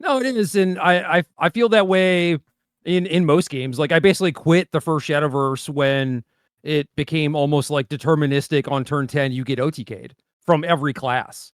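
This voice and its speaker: Podcast co-host, male, relaxed filler-heavy chat, dry close sound. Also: on the high side, moderate pace, smooth, no room sound. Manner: laid-back, filler-heavy, loose storytelling. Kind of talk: casual card game chat.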